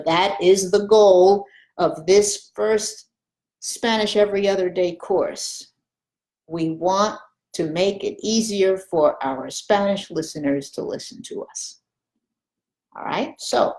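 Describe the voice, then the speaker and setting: Slow, patient woman teaching Spanish vowels. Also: lowish voice, darkish tone. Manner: slow, patient and demonstrative, modeling sounds. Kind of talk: online language lesson.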